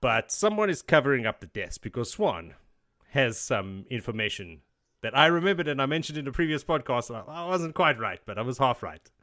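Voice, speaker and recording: A man co-hosting a casual book-discussion podcast, retelling the plot in an animated way and slipping into quick character voices. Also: medium pitch. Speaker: podcast co-host.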